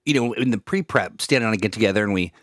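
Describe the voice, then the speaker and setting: A man's voice: lowish voice, fast talker, a bit bright, no room sound, clean studio sound. A man co-hosting a casual podcast, goofy and rambling, joking along with his co-host over a remote call. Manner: goofy, laughs often, loose rambling talk.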